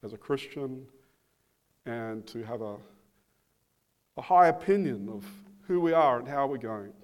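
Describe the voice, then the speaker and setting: Male pastor, sermon delivery, unhurried and emphatic, slightly raised pitch. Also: darkish tone. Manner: slow, emphatic preaching with repeated phrases.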